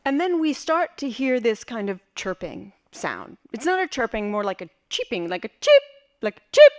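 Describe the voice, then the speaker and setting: A woman's voice: fairly high pitch, sing-song, moderate pace. Wry woman telling a story on stage. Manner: wry, vivid, theatrical. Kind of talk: live storytelling performance. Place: library auditorium stage.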